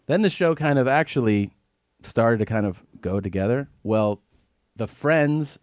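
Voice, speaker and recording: A man's voice: medium pitch, expressive, measured pace, no room sound, clean studio sound. A man, a comedian who hosts shows, telling a brash and profane story in a casual podcast chat and acting out the quotes. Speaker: comedian and show host.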